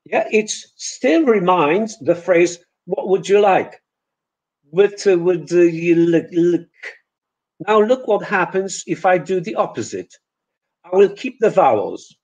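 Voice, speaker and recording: A man whose first language is Polish, giving a pronunciation lesson in a webinar, deliberate and hesitant, with fillers and restarts, on a computer mic. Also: high-pitched, big pitch swings, dull audio. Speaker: pronunciation teacher. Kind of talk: webinar lecture.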